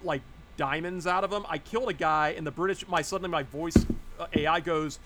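A man co-hosting a casual podcast, telling stories excitedly and acting out the lines he quotes. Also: fairly high pitch, brisk, a little hiss or hum. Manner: excitable storyteller, acts out quotes. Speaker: podcast co-host. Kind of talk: casual chat.

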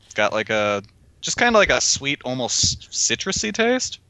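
Man, podcast co-host, casual chat, hesitant fillers, lively pitch, dry sound. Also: moderate pace, dry recording.

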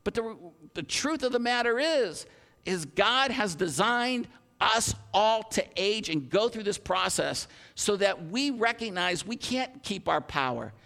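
A man in his fifties preaching a sermon, animated, with frequent restarts and self-deprecating humor. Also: sits high, measured pace, vocal fry. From Ohio, USA. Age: 50s. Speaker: pastor. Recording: long hall reverb.

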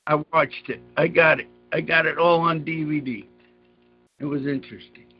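A man's voice: fairly high pitch, steady tone, moderate pace, lo-fi sound, faint music behind. A man in casual chat who rambles through emphatic, profane rants.

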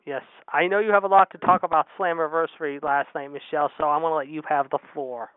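A man's voice: a little high, steady tone, fast talker, smooth, dry recording. A man hosting a talk radio show, introducing guests in a hyped announcer style. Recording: tinny phone-like line.

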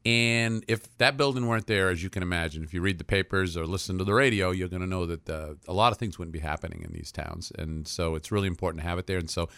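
A man's voice: low-pitched, fast, vocal fry, hardly any pauses, fairly bright tone, no room sound, clean studio sound. A man speaking for a community center on a radio show, chatty and full of fillers. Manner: chatty, filler-heavy, promotional, laughs easily. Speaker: nonprofit center representative, guest. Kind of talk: casual radio chat.

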